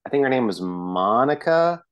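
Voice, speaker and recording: A man's voice: mid-range voice, very animated, normal speed, lo-fi sound, a crowd in the background. A man co-hosting a podcast, chatting casually about a film and acting out scenes in little quoted voices. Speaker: podcast co-host. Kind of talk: casual chat about a movie.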